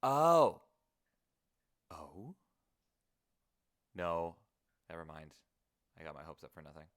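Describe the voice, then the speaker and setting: A man's voice: deep voice, sing-song, takes it slowly. A man streaming live while making music, muttering to himself and joking playfully at his own expense as he greets his chat. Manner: muttering to himself, playful self-mocking asides.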